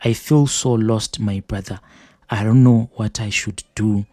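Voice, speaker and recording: A man hosting a show who reads a listener's letter aloud in a steady, measured first-person delivery. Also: lowish voice, no room sound, studio quality. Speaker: host reading listener confessions.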